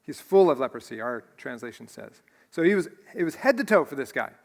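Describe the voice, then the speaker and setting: A man's voice: mid-range voice, big pitch swings, brisk, vocal fry, in a large hall. A man preaching a sermon as pastor, earnest and emotional, often restarting his phrases. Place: church sanctuary.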